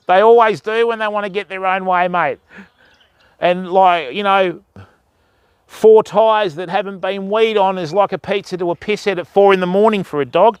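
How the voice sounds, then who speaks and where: Older Aussie bloke, matey and rambling. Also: male voice, sits high, moderate pace, long pauses, clear, resonant tone, no echo. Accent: Australian. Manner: rambling, matey, swears and tells jokes. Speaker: fishing channel host. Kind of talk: casual livestream chat.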